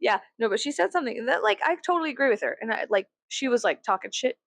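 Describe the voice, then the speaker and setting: A woman ranting casually to camera, swearing freely, giggling often and rambling from thought to thought. Her fairly high voice swings widely in pitch, and the recording is dry and close with no room echo. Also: lively intonation, quick pace, fairly bright tone. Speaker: vlogger. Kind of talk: casual vlog rant.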